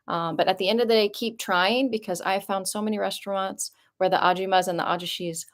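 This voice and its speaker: A woman's voice: medium pitch, fairly even intonation, fast. A young woman vlogging casually from her apartment, talking in a chatty, rambling way with lots of "like" and rising emotion. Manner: chatty and rambling, heavy use of "like"; emotional, voice jumps up when moved. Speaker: vlogger answering viewer questions. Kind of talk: casual live-stream chat.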